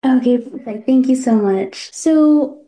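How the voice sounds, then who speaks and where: A woman's voice: sits high, slow, warm tone. A young woman presenting her startup's product over a video call, hesitant with many fillers. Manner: hesitant, filler-heavy, upspeak-prone. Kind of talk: casual pitch presentation.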